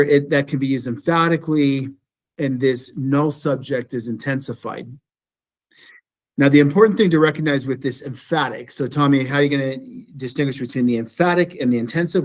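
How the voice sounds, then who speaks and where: A man lecturing a beginning Greek class in a classroom. He explains step by step, restates his points and keeps checking that his students follow. His voice sits in an ordinary middle pitch. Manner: explanatory, repeats phrases, checks in with "right?". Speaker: Greek instructor.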